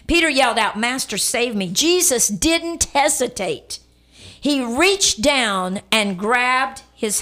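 A woman's voice: medium pitch, fairly bright tone. A middle-aged woman preaching a radio sermon, telling a story and repeating lines for emphasis, calling on listeners to respond.

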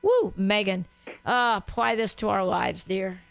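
A woman's voice: mid-range voice, measured pace, creaky, dry recording. A woman pastor hosting a Christian talk show, exuberant and full of praise exclamations.

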